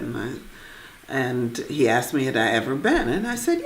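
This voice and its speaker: A middle-aged woman, a visual artist and writer, telling a personal story in a reflective, animated way with pauses. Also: a bass voice. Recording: echoey room.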